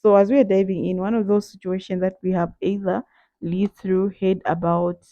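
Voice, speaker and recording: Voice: mid-range voice, flat delivery, moderate pace, no echo, dull audio. A commentator giving chatty video commentary, speaking straight to viewers.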